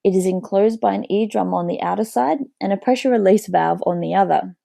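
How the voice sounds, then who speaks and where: A woman's voice: mid-range voice, a little fast, gravelly, mellow, dry recording. A woman narrating a biology lesson, reading steadily and correcting herself as she goes. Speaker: biology teacher.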